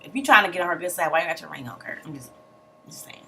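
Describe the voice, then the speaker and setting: A young woman tears through a reality show recap with sassy, slangy asides and mock outrage. Her low voice has a gravelly fry under a bright, forceful edge. A faint hiss of noise sits behind her. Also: expressive, very fast. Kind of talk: casual recap commentary.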